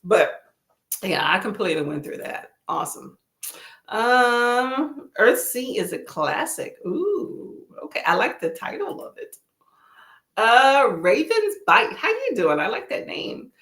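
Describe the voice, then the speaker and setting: A woman's voice: fairly high pitch, very animated, a little slow, fairly bright tone, roomy sound. A woman from Texas with a Texan accent, hosting a casual livestream, chatting folksily and reading out viewers' messages. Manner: chatty, folksy, says y'all, reads chat aloud. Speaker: livestream host. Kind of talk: casual chat with live chat readers.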